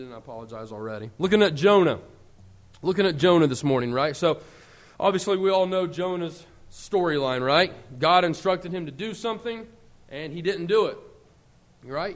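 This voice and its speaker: A man with a high voice preaches a sermon to his congregation. He talks in a relaxed, conversational way, then pushes his voice up and out for emphasis.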